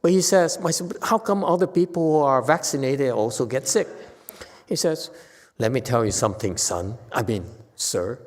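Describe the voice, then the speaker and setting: A man's voice: medium pitch, expressive, normal speed. A man giving a casual Buddhist dharma talk as teacher, chatty and teasing, laughing often. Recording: reverberant hall.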